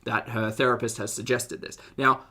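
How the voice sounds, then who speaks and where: A woman's voice: rumbling low, little pitch movement, normal speed, pushed and bright. A young woman talking casually to her live-stream chat, giggling often and trailing off into restarts. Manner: addresses her chat directly. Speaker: streamer reacting to videos.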